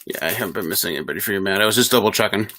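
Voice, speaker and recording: A man's voice: lowish voice, rapid-fire, bright, forceful tone. A man hosting a live trading card box break, reading player names in a chatty, easygoing way and laughing often.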